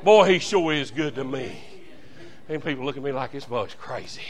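A man's voice: mid-range voice, normal speed. A man preaching a fervent, folksy revival sermon as a visiting preacher, calling out to the congregation.

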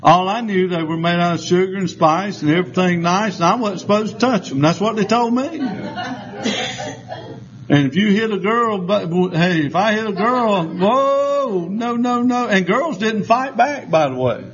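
A man's voice: high voice, lively intonation, moderate pace. An older man preaching a sermon in church, a folksy, joking storyteller. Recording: slightly dull lo-fi sound.

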